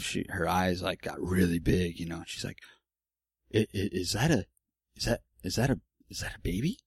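A man's voice: sits low, a little mellow, no room sound, studio quality. A man in his forties telling a personal story in a casual, rambling way, candid and with some swearing. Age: 40s. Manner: rambling, candid, with profanity and restarts.

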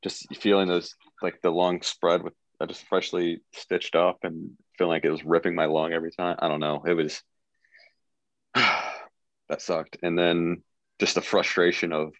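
A man's voice: sits low, no echo, muffled recording. A man, a guest on an interview, telling stories in a laid-back, joking way. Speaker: guest recovering from a gunshot wound. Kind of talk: casual podcast interview storytelling.

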